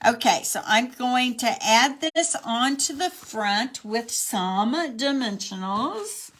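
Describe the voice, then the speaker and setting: Unhurried older woman with a soft Texas twang. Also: on the high side, animated. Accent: slight Texas. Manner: chatty, rambling, self-deprecating asides. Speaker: craft demonstrator. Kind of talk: live card-making demonstration. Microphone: camera on a long arm stand.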